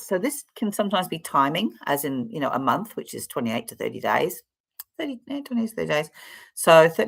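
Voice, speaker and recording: A woman's voice: rumbling low, creaky, no echo. A woman giving a casual, chatty tarot card reading straight to the viewer, rambling and speaking to them directly. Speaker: tarot reader.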